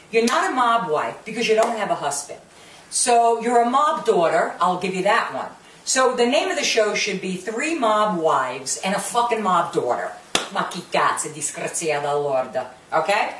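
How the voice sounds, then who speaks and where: A woman's voice: mid-range voice, fairly bright tone, far from the mic, slight background noise. A woman ranting through a profane review of a reality show, cursing and throwing in swears. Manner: brash, swearing, drops Italian curses, mocks cast members. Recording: echoey room, voice a bit off-mic, faint ambience.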